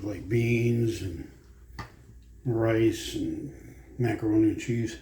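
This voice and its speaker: A man's voice: lowish voice, steady tone, slow, dark tone, a little hiss or hum. A man chatting casually at home in a vlog, wandering from story to story in a folksy, meandering way. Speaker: vlogger. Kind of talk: casual rambling chat. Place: home room. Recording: echoey room, faint ambience.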